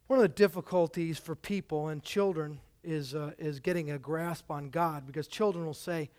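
A pastor delivering a sermon in a church, conversational and emphatic, with swells of volume. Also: male voice, high voice, normal speed, few pauses. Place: church sanctuary.

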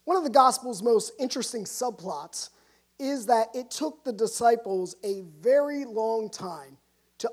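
A woman's voice: on the high side, breathy edge. Woman preacher telling a story. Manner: storytelling, swings from hushed to lively. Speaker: pastor. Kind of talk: sermon. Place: church.

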